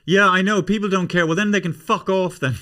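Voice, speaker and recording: Bright-voiced, rambling Irish man. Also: sits high, fairly even intonation, brisk. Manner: rambling, profane and self-correcting. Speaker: podcast host. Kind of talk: casual chat.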